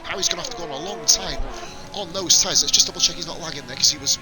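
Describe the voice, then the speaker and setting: A young man giving live commentary on an online racing league, excitable and sweary, laughing at crashes. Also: a little high, rapid-fire, music in the background, poor audio. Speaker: esports race commentator.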